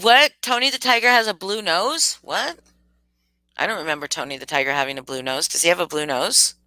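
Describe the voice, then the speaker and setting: A young woman with a lowish, forceful voice hosts a casual live chat. She reads her viewers' comments and reacts with animated, exclaiming disbelief. The sound is close and dry. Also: fast talker, no echo, rough recording. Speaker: livestream host.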